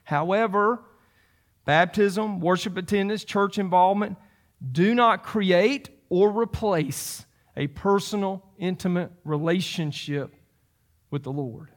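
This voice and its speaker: A man's voice: high-pitched, slow. A man in his fifties preaching a sermon, emphatic and repeating phrases for stress. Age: 50s. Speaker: pastor.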